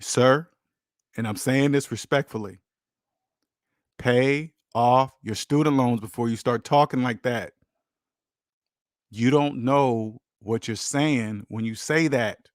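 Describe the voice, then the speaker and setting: A man's voice: mid-range voice, takes it slowly, pauses often, no echo, clean studio sound. A man hosting a finance channel, talking casually and preachily about money and debt, acting out the voices of people he quotes.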